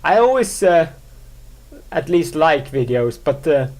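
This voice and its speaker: A man hosting a solo podcast, talking in a rambling, halting way, full of fillers, restarts and self-mocking asides. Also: a little high, very animated, a little mellow. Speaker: podcast host.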